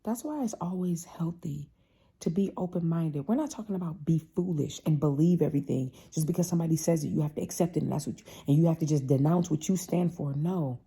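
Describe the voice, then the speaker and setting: Low husky woman, passionate talk. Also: fairly quick. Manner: animated, passionate, acts out family voices. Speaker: host. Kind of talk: casual motivational talk.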